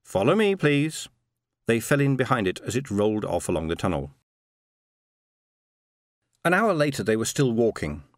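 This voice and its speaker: A man narrating a science fiction story in a steady, measured reading. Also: fairly low pitch, no echo. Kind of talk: audiobook narration.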